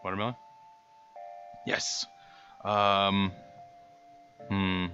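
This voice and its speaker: Man commenting on gameplay, lowish voice, bright tone, rambling and joking at himself, faint game music behind. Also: monotone, very slow, lo-fi sound. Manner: rambling, self-mocking. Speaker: gaming channel host.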